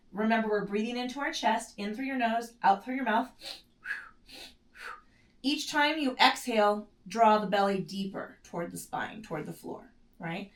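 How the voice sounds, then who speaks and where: A pilates instructor with a mid-range voice guides a mat class, casually correcting herself while doing the exercises and breathing in short, strained breaths. The recording comes from a distance in an echoey room.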